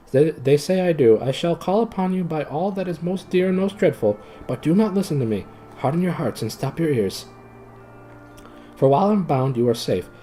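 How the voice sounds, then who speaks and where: A man doing a tormented knight, high and pleading. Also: mellow, natural voice, low-quality recording. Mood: urgent pleading. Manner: high strained pleading, rising to shrieks. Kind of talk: storybook reading.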